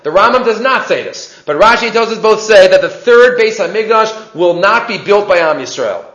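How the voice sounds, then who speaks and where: A man's voice: high voice, expressive, moderate pace, a bit bright, echoey room, dull audio. A man teaching a class in a conversational lecturing way, asking rhetorical questions.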